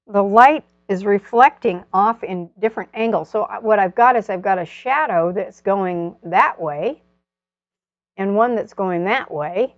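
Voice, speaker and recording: A woman's voice: mid-range voice, dry recording, muffled recording. A woman demonstrating an oil painting step by step, chatting and thinking aloud as she works. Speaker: painting instructor.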